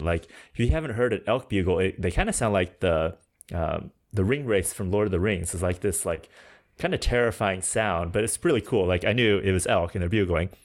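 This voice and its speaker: A young man with a fairly low voice tells stories from the trail as a podcast guest. He talks casually and animatedly, and he fills his sentences with "like". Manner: animated, heavy use of filler "like". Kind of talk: casual storytelling.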